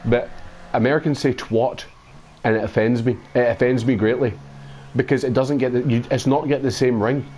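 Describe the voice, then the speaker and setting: A man's voice: mid-range voice, steady tone, brisk, darkish tone, slight background noise. A Scottish man chatting casually while streaming a racing game, sweary and mocking, often laughing. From Scotland. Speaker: gaming streamer. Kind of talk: casual gaming stream chat.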